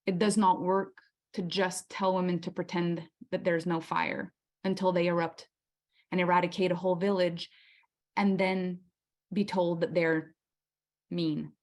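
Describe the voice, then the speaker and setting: A woman's voice: lowish voice, little pitch movement, unhurried, pauses often. A woman hosting a motivational masterclass, speaking with passion, asking rhetorical questions and acting out inner voices. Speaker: masterclass host. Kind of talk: motivational workshop talk.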